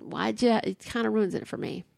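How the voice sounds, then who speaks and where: A woman's voice: medium pitch, brisk, vocal fry, a little mellow, dry recording, studio quality. A woman co-hosting a casual chat show, talking loosely with frequent fillers and laughs. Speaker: podcast co-host.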